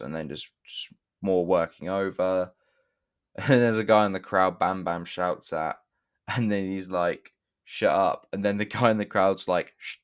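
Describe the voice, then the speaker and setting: A young man talking through a wrestling show review in a casual, rambling way, swearing often and stopping to correct himself. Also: deep voice. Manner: rambling, profane, self-correcting with restarts.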